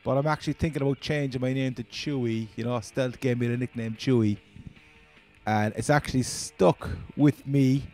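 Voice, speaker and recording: A man's voice: medium pitch, fairly even intonation, moderate pace, dark tone, soft background music. A man with a Cork accent, chatting casually and rambling through his first gaming commentary as a channel host. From Ireland.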